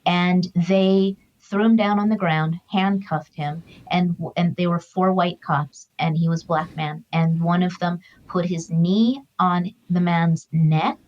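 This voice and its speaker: A middle-aged woman speaks earnestly in a fairly low voice. She shares her feelings openly and reflectively. The recording is somewhat dull and lo-fi. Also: fairly even intonation, a little slow, hardly any pauses, darkish tone. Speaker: guest, author and grief counselor. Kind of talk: heartfelt conversational storytelling.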